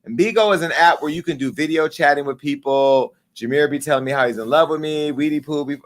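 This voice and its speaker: A man in his forties hosting a live talk show, telling a story in a casual, profane way and acting out the dialogue with lively jumps in pitch. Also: fast talker. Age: 40s. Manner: animated, acts out quoted dialogue with pitch jumps.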